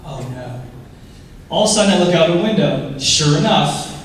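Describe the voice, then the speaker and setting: A man giving a lively talk to an audience, telling stories and laughing often at his own jokes. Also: fairly high pitch, moderate pace. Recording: echoey hall, voice from far off, noisy.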